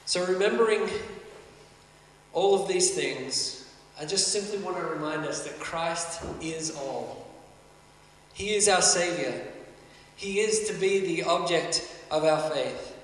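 A man's voice: a little high, slow pace, long pauses, a bit bright. Man preaching in an echoey hall. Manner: earnest, conversational preaching with rising emphasis. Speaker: pastor. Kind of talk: sermon. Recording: echoey hall, mic at a distance.

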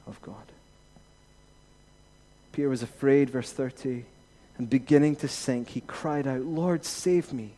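A man preaching a sermon as pastor, rising to emphatic peaks and then dropping to quiet reassurance. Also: medium pitch.

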